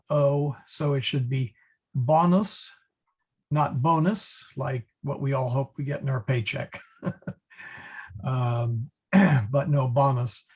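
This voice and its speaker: Husky, slow-talking Latin teacher, man. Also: medium pitch. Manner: halting, many fillers and restarts, chuckles at his own jokes. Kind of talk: online class lecture.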